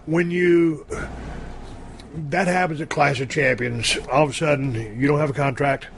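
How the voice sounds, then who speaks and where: A man's voice: on the high side, moderate pace, gravelly, slight background noise. A middle-aged man hosting a podcast, asking direct, conversational questions. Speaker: podcast host. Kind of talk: casual interview.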